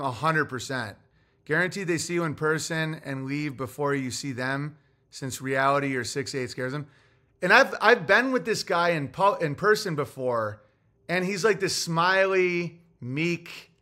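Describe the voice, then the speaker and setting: Forceful, profane male podcast ranter. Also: a little high. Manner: profane, heated storytelling. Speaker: podcast host. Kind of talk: casual ranting monologue.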